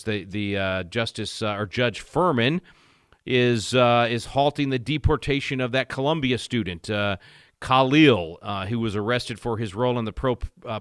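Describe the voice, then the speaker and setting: A man's voice: medium pitch, pushed and bright, no room sound, clean studio sound. A male radio host giving emphatic talk radio commentary, rising sharply on key points, with many fillers and restarts. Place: radio studio.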